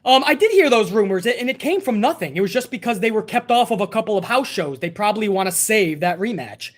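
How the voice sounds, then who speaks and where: A man's voice: high voice, lively intonation, quick pace. Profane, laid-back male stream host. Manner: profane, laid-back banter, reading viewer messages. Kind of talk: casual live-stream chat.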